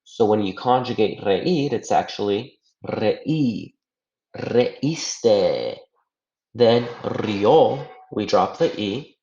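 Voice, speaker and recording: A man's voice: lowish voice, dark tone. A man teaching a recorded grammar lesson over slides, patient, going step by step and checking in with the listener. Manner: patient, explains step by step, often checks with "right?". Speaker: Spanish teacher. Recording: echoey room, dull lo-fi sound.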